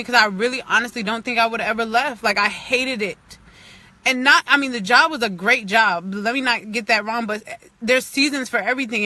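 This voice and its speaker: Earnest woman with a bright voice. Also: fairly high pitch, no echo. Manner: chatty, full of "like" and "you know"; earnest, near tears at times. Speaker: faith vlogger. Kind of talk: casual testimony on a livestream.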